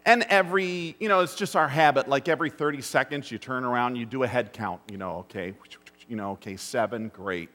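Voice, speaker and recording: A middle-aged man preaching a sermon, telling a story that drops to hushed asides and rises to urgent bursts. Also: mid-range voice, a little fast. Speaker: pastor. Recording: long hall reverb.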